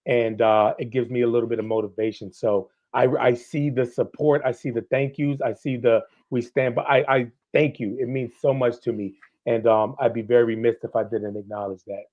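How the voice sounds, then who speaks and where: A man's voice: mid-range voice, steady tone, normal speed, lo-fi sound. A man, a former police officer appearing as a guest, speaking candidly and with passion, swearing as he gets worked up. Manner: candid, fired up, swears freely. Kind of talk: impassioned livestream conversation.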